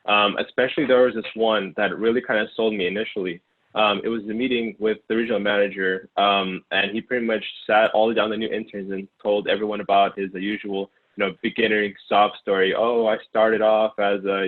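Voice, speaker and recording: A man's voice: fairly low pitch, fairly even intonation, a little fast. A man in his twenties, from Ukraine, talking casually as an interview guest and rambling with lots of fillers and restarts. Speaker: guest, former sales intern. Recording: tinny phone-like line.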